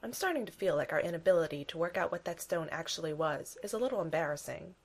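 A woman reading the part of a weary, deadpan male scientist. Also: fairly low pitch, fast talker. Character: dry, weary scientist man with a temper.

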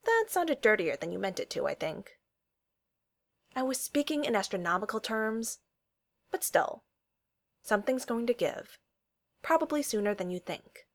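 A woman voicing a steady, motherly woman who is the boss, firm and encouraging. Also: on the high side, moderate pace, pauses often.

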